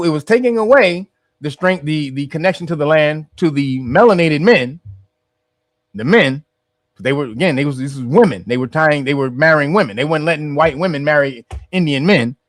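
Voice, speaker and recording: A man's voice: fairly high pitch, dry recording, clean studio sound. A man hosting a casual commentary, rambling and restarting his phrases as he explains. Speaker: host.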